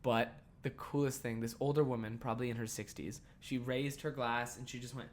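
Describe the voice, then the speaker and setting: A man hosting a podcast, telling a work story in a heated, profane rant that swings between loud outbursts and low muttering, laughing at himself along the way. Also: steady tone, fairly quick. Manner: self-deprecating, laughs at himself. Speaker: podcast host. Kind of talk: casual ranting monologue.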